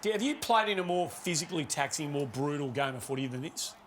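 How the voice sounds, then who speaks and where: A man's voice: a little high, animated, quick pace, a bit bright, a little hiss or hum. An Australian man hosting a panel show, asking a guest questions in an engaged way. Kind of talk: interviewing a guest.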